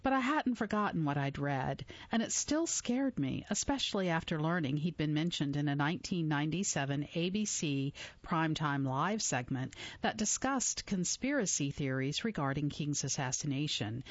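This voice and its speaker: A woman in her forties narrating a memoir audiobook in a measured, reflective way. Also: low voice, no echo, muffled recording.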